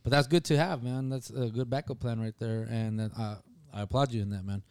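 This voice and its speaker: A man's voice: mid-range voice, fairly even intonation, fairly quick, darkish tone, clear, resonant tone, no echo, clean studio sound. A man hosting a casual sports chat show, talking in a slangy, laid-back way and laughing often. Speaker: show host.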